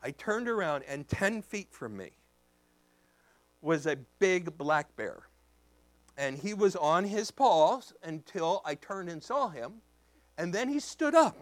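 A man preaching as a pastor, telling a story in an animated way and acting out the voices in it. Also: high voice, slow pace, no echo. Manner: animated, acts out voices in his stories. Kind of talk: storytelling sermon.

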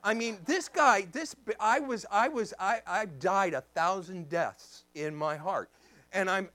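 A man preaching as a pastor, telling a story in an animated way and acting out the voices in it. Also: high voice, measured pace, dry recording. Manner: animated, acts out voices in his stories. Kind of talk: storytelling sermon.

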